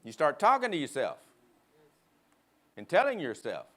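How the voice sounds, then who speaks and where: Male guest preacher, fairly high voice, rousing and emphatic, leads church call-and-response. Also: wildly swooping pitch, normal speed, fairly bright tone. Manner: emphatic, prods the crowd with "huh?". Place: church sanctuary.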